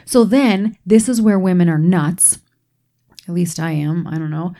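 A woman co-hosting a casual chat show, telling lively stories that act out quoted arguments, poking fun at herself and laughing often. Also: lowish voice, a little slow. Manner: animated storyteller who acts out quoted arguments; self-mocking and laughs often. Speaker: podcast co-host.

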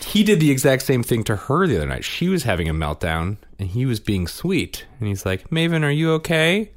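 A father talking about his children on a podcast into a studio mic. His voice sits very low, yet it swoops up and down with energy as he tells stories. Now and then he jumps up high to imitate his kids. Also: a little fast. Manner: animated storytelling, mimics kids in a high voice. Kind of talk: casual parenting chat. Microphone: studio microphone.

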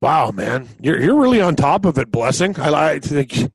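A man with a high voice co-hosting a casual sports betting podcast. He is easygoing, laughs a lot and teases his partner. The sound is dry and close-miked. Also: very animated, moderate pace, gravelly, husky, dry recording. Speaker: podcast co-host.

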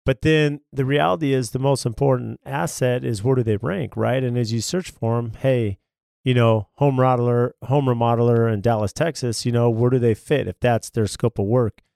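A man's voice: mid-range voice, fairly even intonation, moderate pace, creaky, warm tone, no room sound, studio quality. A man hosting a casual podcast interview, agreeing briefly and summing up his guest's points. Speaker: podcast host.

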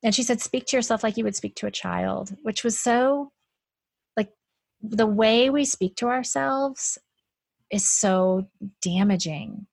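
A woman's voice: a little high, a little slow, gravelly, a little mellow, breathy edge, dry recording. A woman in casual conversation, talking freely and laughing often, with a lot of "like" in her speech. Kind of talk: casual chat.

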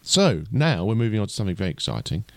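A man's voice: fairly low pitch, very animated, fast, darkish tone, no echo. A man co-hosting a casual podcast chat, rambling with lots of restarts. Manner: chatty, lots of fillers and restarts. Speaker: podcast co-host.

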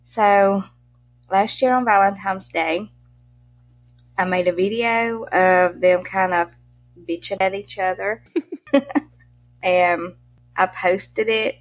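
A woman's voice: mid-range voice, steady tone, slow pace, pauses often. A middle-aged woman from Mississippi with a strong Southern accent, chatting as an interview guest, laughing often and using country turns of phrase. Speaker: guest, pet content creator. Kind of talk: casual interview chat.

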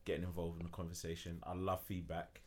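A man's voice: low voice, completely flat delivery, fast talker, a little mellow. A young man co-hosting a casual podcast, earnest and easygoing, full of slang. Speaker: podcast co-host and producer.

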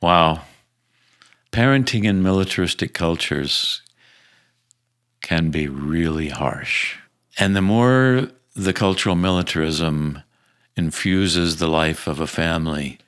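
Deep-voiced guy answering interview questions, stresses points over and over. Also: a bit bright. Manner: emphatic, repeats points, some fillers. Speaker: author guest.

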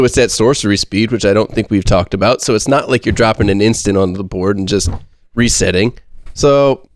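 A man talks through his opinion in a relaxed, rambling way, with the odd curse. His voice is mid-pitched and recorded dry and close. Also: dry recording. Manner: relaxed, rambling, and a little profane. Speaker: podcast co-host. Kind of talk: casual chat.

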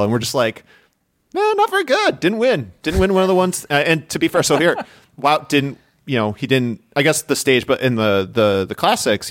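A man hosting a casual podcast chat and putting questions to his co-hosts in a lively, animated way. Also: lowish voice, no echo, studio quality. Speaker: podcast host.

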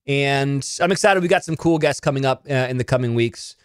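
A man in his thirties hosting a solo podcast from his home studio, animated and self-mocking. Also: medium pitch, a little fast, smooth, dry recording. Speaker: podcast host. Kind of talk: casual solo podcast chat.

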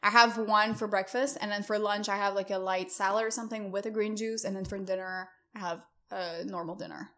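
A woman's voice: medium pitch, fairly even intonation, a little fast, hardly any pauses, a bit bright. A woman co-hosting a casual podcast chat, playful and teasing, laughing often. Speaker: podcast co-host.

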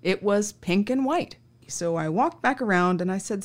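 A woman's voice: mid-range voice, expressive, normal speed, few pauses. A woman podcast host telling a true-crime anecdote in a wry, conversational way, acting out the dialogue.

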